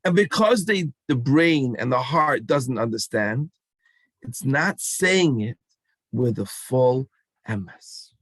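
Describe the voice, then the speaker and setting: Man speaking slowly to a children's rally. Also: medium pitch, animated, fairly bright tone, no room sound. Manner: call-and-response, coaxing and emphatic. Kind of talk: animated talk to a children's rally.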